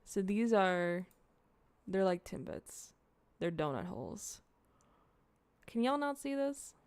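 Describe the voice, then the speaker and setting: A woman's voice: mid-range voice, expressive, slow, darkish tone, clean tone, no echo. A young woman streaming, chatting casually to her viewers while eating, rambling and swearing freely. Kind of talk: casual livestream chat, eating on camera.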